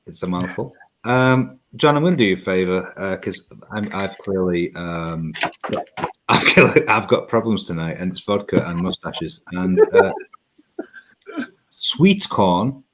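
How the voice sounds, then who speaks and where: A man's voice: sits low, measured pace, long pauses. A man from Yorkshire, a regular on a live chat show, talking in a sweary, tipsy, joking way and playing with his own accent. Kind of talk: casual pub chat on a live stream. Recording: faint background noise.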